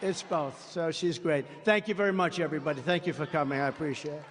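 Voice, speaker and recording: A man's voice: a little high, fast, a little hiss or hum. A man giving a rambling, boastful rally speech from a podium microphone, with off-the-cuff asides to the crowd. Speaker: political candidate at a campaign rally. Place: large rally venue before a crowd. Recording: long reverb of a big rally hall.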